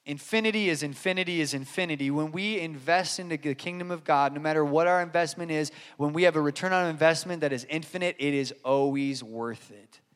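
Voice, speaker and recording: A man's voice: a little high, a little fast, hardly any pauses, fairly bright tone, clear, resonant tone, long reverb tail. A man preaching a sermon, earnest and emphatic, repeating key lines and telling stories. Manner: earnest, emphatic repetition, storytelling. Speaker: pastor.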